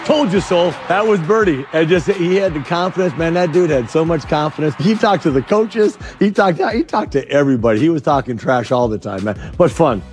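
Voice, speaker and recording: A man's voice: a little high, brisk, hardly any pauses, faint music behind. A former player telling a folksy, emphatic story about a teammate, dropping "man" often. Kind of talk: anecdote in a talk show.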